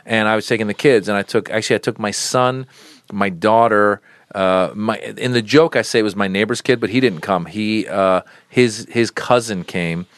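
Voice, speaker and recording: A man's voice: on the low side, moderate pace, dry recording, clean studio sound. A middle-aged man, a comedian guest, telling stories in a casual interview, rambling with many restarts and now and then acting out the voices of people in his stories. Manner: rambling, restarts often, acts out voices in quotes. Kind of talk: casual storytelling in a podcast interview.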